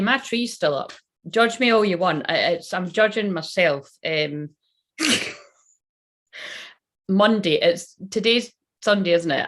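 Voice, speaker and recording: A woman's voice: mid-range voice, a bit bright. A young Scottish woman doing a tarot reading on a casual livestream, chatty, rambling and swearing now and then. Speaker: tarot reader.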